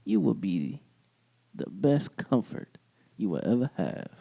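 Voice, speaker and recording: A man's voice: lowish voice, very animated, slow pace, vocal fry, warm tone, no room sound. A man co-hosting a casual podcast, playful and teasing, often breaking into laughs. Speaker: podcast co-host. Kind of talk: casual banter.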